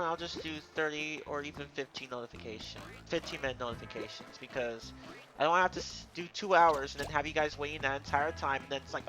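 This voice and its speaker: A man with a slightly high voice gives casual live commentary over his gameplay. He is blunt and profane, griping openly about the game as he plays. Game music plays clearly behind him. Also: rough recording. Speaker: game streamer. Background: game music playing.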